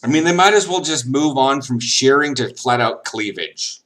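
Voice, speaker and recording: A man's voice: medium pitch, expressive, moderate pace, a bit bright, a little hiss or hum. A man chatting casually while he plays games on a stream. He is tipsy, rambles, jokes and giggles as he goes. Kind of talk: casual chat while gaming.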